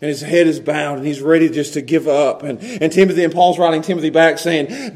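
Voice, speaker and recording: A man preaching to his congregation in a noticeably high voice. He is emphatic and stumbles over repeated words as he urges his listeners. His quoted voices climb even higher. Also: brisk, hardly any pauses. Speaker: pastor. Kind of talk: sermon.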